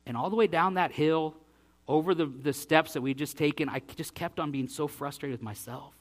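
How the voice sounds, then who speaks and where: A man in his forties, a pastor telling a personal story in a sermon, animated and self-deprecating. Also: on the high side, normal speed. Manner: animated, self-deprecating, acts out his own breathless lines.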